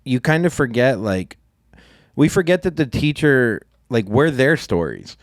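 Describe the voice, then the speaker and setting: A man's voice: medium pitch, big pitch swings, measured pace, dry recording, clean studio sound. A man co-hosting a podcast, laid-back and loose in casual chat. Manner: laid-back, full of likes and you-knows. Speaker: podcast co-host.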